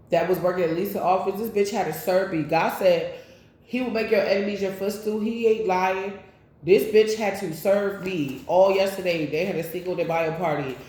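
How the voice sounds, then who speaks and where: A woman doing a tarot reading, talking in a loose, chatty, profane way with sudden loud bursts. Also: fairly low pitch. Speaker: tarot reader. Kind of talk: casual spiritual reading and storytime. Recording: very echoey room.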